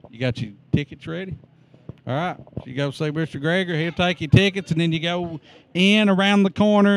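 Standing outdoors at a school entrance, a man greets students in a casual on-camera greeting, folksy and joking as he gives friendly instructions. His voice sits on the high side and moves fairly quickly.

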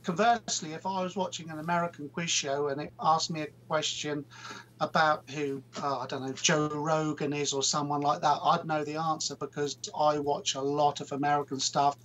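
A man from Suffolk in eastern England with a rural Suffolk accent, chatting in a relaxed, friendly way on a panel. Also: a little high, normal speed. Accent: Suffolk English. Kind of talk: casual panel chat.

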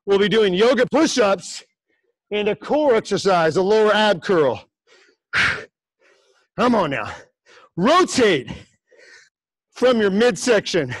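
A man's voice: high voice, no echo, poor audio. A man coaching a livestream workout, breathless and encouraging, counting down reps. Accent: American. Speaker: fitness coach.

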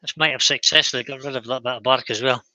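A man's voice: medium pitch, fairly even intonation, quick pace, pushed and bright, no room sound, low-quality recording. A Scottish man hosting a live stream while he works, chatting casually, thinking aloud and picking at his own work. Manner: thinks aloud, self-critical and easygoing. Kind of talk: casual chat while working.

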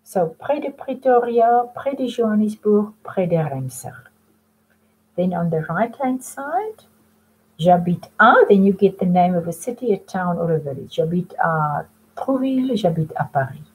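Slow, patient woman teaching French. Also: medium pitch, expressive, darkish tone, slightly rough, rough recording. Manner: patient, switches between English and French, repeats phrases slowly. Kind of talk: recorded online lesson.

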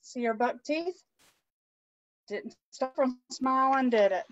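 A woman's voice: high-pitched, slow pace. A woman reading a children's picture book aloud, adding chatty asides for her young listeners. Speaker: guest storytime reader. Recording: dull lo-fi online stream audio.

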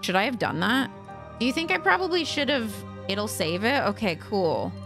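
Young woman let's player: sarcastic, lively, game music behind. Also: on the high side, moderate pace, creaky. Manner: chatty, sarcastic, swears freely. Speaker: let's play streamer. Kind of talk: casual gameplay commentary.

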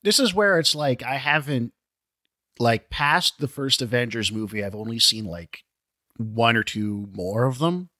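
A man co-hosting a podcast, chatting casually and cracking quick joking asides. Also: medium pitch, expressive, pushed and bright, dry recording, studio quality. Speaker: podcast co-host. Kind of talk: casual film-review chat.

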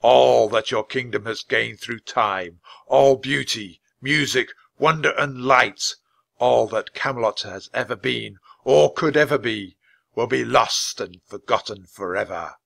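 A man voicing a mysterious, commanding knight, speaking slowly and loudly with a stern, booming delivery. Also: gravelly, no room sound, full character voice.

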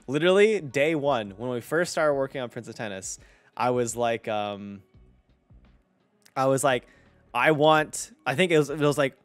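A man's voice: mid-range voice, fairly bright tone, dry recording. A young man streaming casually as a voice director. He rambles and swears, with lots of fillers. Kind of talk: casual stream chat while playing.

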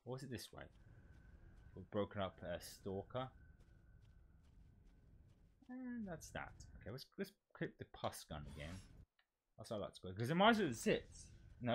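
A man streaming a shooter game, talking through his play in casual commentary and swearing excitedly at the enemies. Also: lowish voice, normal speed, pauses often, husky. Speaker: VTuber streamer. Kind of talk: live gameplay commentary.

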